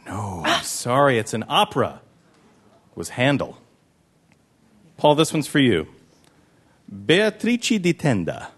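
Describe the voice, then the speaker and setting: A man running a quiz game on a live show, joking in a dry, deadpan way with an audience laughing. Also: a little slow, long pauses. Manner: dry, deadpan joking with lively pitch swings.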